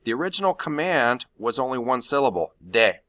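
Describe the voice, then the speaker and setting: A man teaching a Spanish grammar lesson, walking through the steps of each rule with frequent fillers and pauses. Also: medium pitch, sing-song, fairly bright tone.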